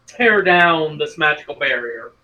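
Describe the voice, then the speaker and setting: A man's voice: a little high, lively intonation, a little slow, pushed and bright, rough recording. A man playing a tabletop game, answering the game master with brief, polite replies. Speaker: player.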